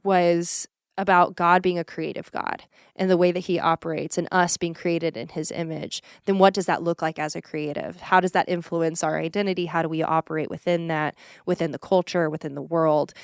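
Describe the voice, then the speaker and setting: Young woman guest, earnest and lively, smooth low-ish voice, dry close sound. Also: no echo. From Texas. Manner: earnest and animated, many ums. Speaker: ministry executive director, guest. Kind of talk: casual podcast interview.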